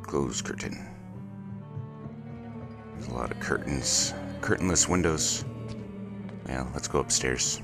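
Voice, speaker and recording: A man's voice: rumbling low, measured pace, creaky. A man giving casual running commentary while playing a video game, muttering his moves with filler words. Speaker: gaming video host. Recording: game music playing behind.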